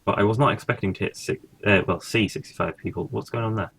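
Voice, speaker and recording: A man's voice: lowish voice, quick pace, vocal fry, fairly bright tone, husky. A man casually commentating his own gameplay, thinking aloud and swearing now and then. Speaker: gaming streamer.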